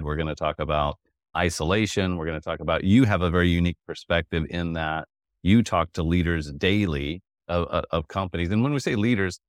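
A man's voice: low voice, dry recording, studio quality. A man in his fifties hosting a podcast, talking in a jovial, rambling way and laughing often. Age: 50s. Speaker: podcast host. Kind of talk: conversational interview.

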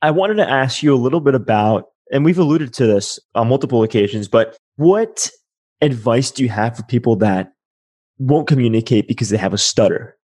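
A man's voice: mid-range voice, animated, a little fast, darkish tone, no room sound. An enthusiastic, chatty man who grew up speaking Spanish hosts an interview. His mid-range voice sits close and dry, with no room sound around it. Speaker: podcast host. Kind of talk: casual interview chat.

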